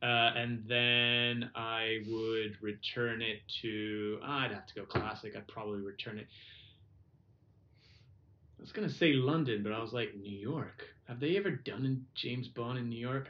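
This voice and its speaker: A man from Singapore co-hosting a podcast in loose casual chat, swearing now and then. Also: mid-range voice. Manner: loose, swearing, quick to put on silly voices. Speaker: podcast co-host. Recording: dull lo-fi sound.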